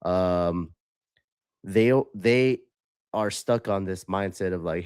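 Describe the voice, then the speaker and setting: A man in his thirties hosts a casual chat, easygoing and loose with his fillers, his voice sitting low. The sound is dry and close, with no room around it. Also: fairly even intonation, slow pace, clear, resonant tone, no echo. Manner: easygoing, filler-heavy, laughs along. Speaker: podcast host, army veteran.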